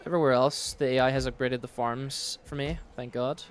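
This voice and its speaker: Streamer, man, mid pitch; casual thinking-aloud game commentary, relaxed and matter-of-fact. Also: brisk, a little hiss or hum. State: sleepy, yawning. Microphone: studio dynamic mic.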